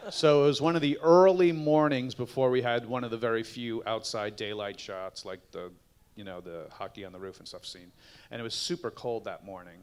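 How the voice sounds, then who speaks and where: A middle-aged actor on a fan panel, telling casual anecdotes and acting out the lines of other people. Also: male voice, medium pitch, normal speed. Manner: animated, acts out quotes. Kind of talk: casual storytelling Q&A.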